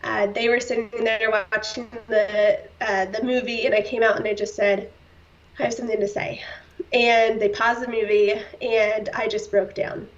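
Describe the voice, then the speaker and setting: A woman's voice: fairly high pitch, little pitch movement, normal speed. A woman guest on a podcast, telling a hard personal story in an earnest, heartfelt way, with many fillers and the odd short laugh. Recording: slightly distant, dull-sounding.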